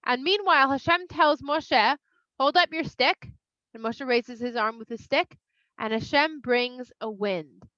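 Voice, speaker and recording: A woman from Toronto, telling a kids' story in an animated, expressive way with playful asides. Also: sits high, measured pace, dry recording. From Toronto, Canada. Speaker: children's Bible storyteller. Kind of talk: storytelling for kids. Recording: slightly dull, dry sound.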